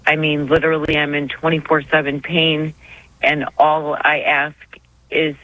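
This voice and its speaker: A woman's voice: low voice, level tone, measured pace, fairly bright tone, no echo. A woman calling in to a radio show, speaking in a heartfelt, tearful, rambling way. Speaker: caller. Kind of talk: call-in radio conversation. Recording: muffled dry phone line.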